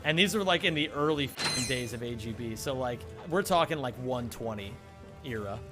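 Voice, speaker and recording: A man's voice: medium pitch, animated, moderate pace, music in the background. A young man speedrunning a game, rambling through a funny story with frequent laughs and casual swearing. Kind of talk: casual chat while gaming.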